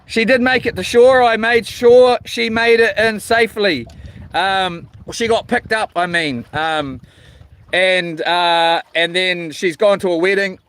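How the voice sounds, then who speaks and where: A man's voice: high voice, steady tone, takes it slowly, a bit bright, clean tone. A man chatting with viewers while fishing outdoors on the ocean, rambling and swearing in mock-grumpy jokes. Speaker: fishing vlogger. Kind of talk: live-stream chat with viewers.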